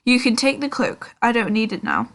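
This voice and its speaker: A woman's voice: a little high, expressive, normal speed, a bit bright. A woman reading aloud, voicing a determined young schoolboy wizard who speaks urgently. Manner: urgent and resolute.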